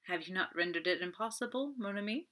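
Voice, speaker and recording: A woman's voice: mid-range voice, lively intonation, fast talker, bright, forceful tone. A woman voicing a fussy, proud male detective, formal and clipped. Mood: earnest. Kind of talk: audiobook character voice.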